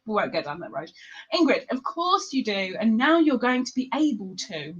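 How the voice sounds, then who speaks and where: Reading out her chat during a crochet livestream, this English host from outside London talks casually with viewers by name and laughs frequently. She speaks at a moderate pace in a sing-song, mid-range voice, and the audio lacks its high frequencies.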